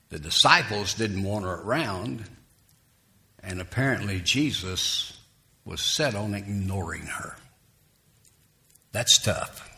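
A man preaching a sermon, emphatic and dramatic, voicing the people in the story as he retells it. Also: medium pitch. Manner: lively, emphatic preaching, rising loud for quoted lines.

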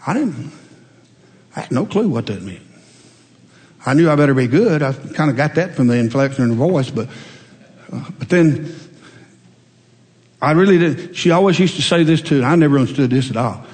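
A man's voice: mid-range voice, expressive, brisk, pauses often, a little mellow. A man pastor preaching a sermon, folksy and conversational, telling homespun stories and rising to emphatic peaks. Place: church sanctuary. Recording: long hall reverb.

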